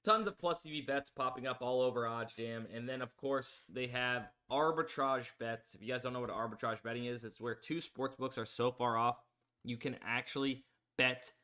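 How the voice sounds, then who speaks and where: Bright-voiced man hosting a betting stream. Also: mid-range voice, moderate pace. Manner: rambling, filler-heavy, promo-pushing. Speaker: sports betting livestream host. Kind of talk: casual live stream commentary.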